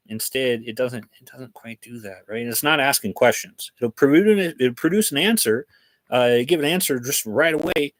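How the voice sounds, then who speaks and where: A frustrated man rants bluntly and swears freely on his livestream. His voice sits at a middling pitch. The sound is dry and close, with no echo from the room. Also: moderate pace. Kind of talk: livestream rant.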